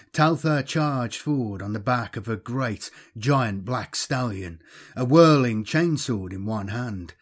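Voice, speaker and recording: A man reads a dramatic war story aloud in a measured audiobook style. His pitch sits in the middle range, and he paces the action steadily. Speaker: narrator.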